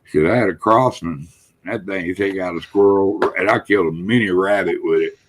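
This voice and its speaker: A man's voice: low voice, brisk, background noise. An older man from South Texas with a South Texas accent, telling folksy hunting stories in casual chat as a live-stream host.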